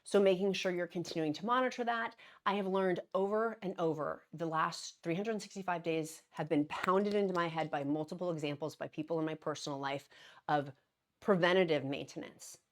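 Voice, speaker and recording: A woman hosting her daily vlog, talking earnestly and encouragingly to viewers, with frequent restarts and little laughs. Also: low voice. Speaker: vlogger hosting a daily show. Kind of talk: casual direct-to-camera vlog talk.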